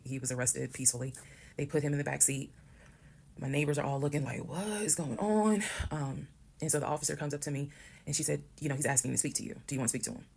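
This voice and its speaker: A woman calmly telling a detailed personal story, acting out what others said. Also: a bass voice, gravelly. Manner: calm, detailed, quoting others. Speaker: storyteller in a video.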